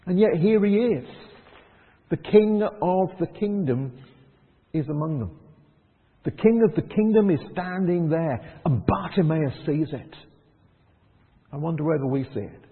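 Pastor preaching in an echoey hall. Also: male voice, a little high, expressive, measured pace, pauses often. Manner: conversational, rhetorical questions, acts out quoted voices. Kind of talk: sermon. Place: church hall. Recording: tinny phone-like sound in a long-echo hall.

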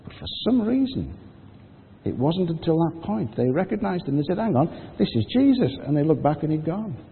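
A preacher delivers a sermon, telling the story conversationally and acting out the quotes. His voice is fairly high and creaky, brisk, with big pitch swings. The audio sounds phone-like, carries a long hall reverb, and has slight background noise.

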